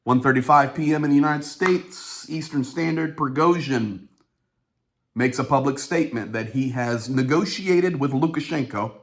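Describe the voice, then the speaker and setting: A man hosting his own show, giving a running news commentary in an informal way, talking straight to his audience. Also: moderate pace. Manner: animated, swings up in pitch for quotes. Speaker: host.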